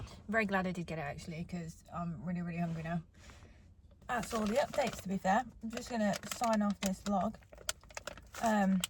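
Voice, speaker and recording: A woman's voice: medium pitch, darkish tone, slight background noise. Chatty young Englishwoman vlogging after a race. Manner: chatty, rambling, cheerful self-talk. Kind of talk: casual vlog chat. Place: car park after a race.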